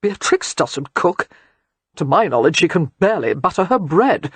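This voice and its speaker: A woman doing a sardonic aristocratic father in a storybook reading, exasperated and dry, with pitch that leaps around and a husky edge. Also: very animated, moderate pace, no room sound.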